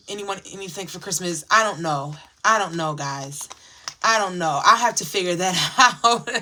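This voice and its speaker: Bright-voiced woman chatting to her viewers. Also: medium pitch. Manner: chatty and emotional, talking straight to viewers, dramatic sighs. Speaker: channel host sharing her budgeting routine. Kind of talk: casual chat to viewers while sorting cash envelopes.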